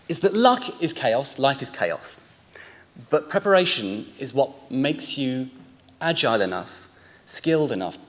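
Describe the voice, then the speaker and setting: Jokey man speaking in a reverberant hall. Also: medium pitch. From England. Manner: chatty, jokey, rambling with restarts. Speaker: honorary graduate giving acceptance speech. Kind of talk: emotional, self-deprecating acceptance speech. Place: large ceremony hall.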